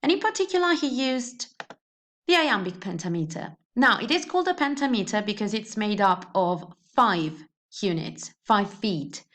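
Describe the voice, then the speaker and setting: A woman teaching a video lesson who explains things step by step, sometimes repeats a word as she restarts a thought, and slows down to read lines of verse aloud and mark their rhythm. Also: medium pitch, sing-song, fairly bright tone. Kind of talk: educational video lecture.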